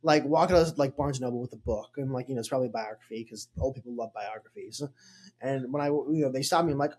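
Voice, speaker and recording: A man's voice: mid-range voice, quick pace, darkish tone. A young man hosting a podcast in casual chat, rambling and joking with lots of fillers. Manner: rambling, jokey, filler-heavy. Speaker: podcast host.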